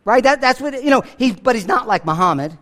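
A male pastor preaching a sermon to a church congregation, emphatic, swinging between loud declarations and hushed lines, asking rhetorical questions. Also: expressive, brisk. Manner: emphatic preaching with big swings in pitch and loudness.

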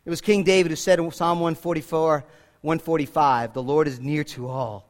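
A man's voice: fairly high pitch, fairly even intonation, moderate pace. A man preaching a sermon, repeating himself and restarting phrases, lifting his voice when he quotes scripture. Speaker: pastor.

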